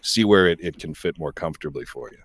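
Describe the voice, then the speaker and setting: A man's voice: rumbling low, animated, quick pace, vocal fry. A man chatting casually on a stream, giving rambling explanations full of fillers. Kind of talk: casual chat.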